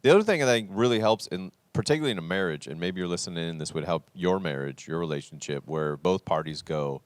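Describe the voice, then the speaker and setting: A man's voice: low-pitched, fast talker, few pauses, clean tone, dry recording. A man co-hosting an unscripted faith podcast, talking earnestly and acting out bits of quoted dialogue. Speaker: podcast host.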